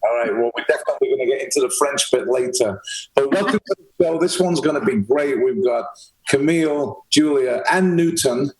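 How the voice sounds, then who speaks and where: A man's voice: mid-range voice, fairly quick, a little mellow, rough recording. A man hosting a podcast over a video call, upbeat and chatty as he welcomes his guests. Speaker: podcast host. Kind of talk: casual video-call interview.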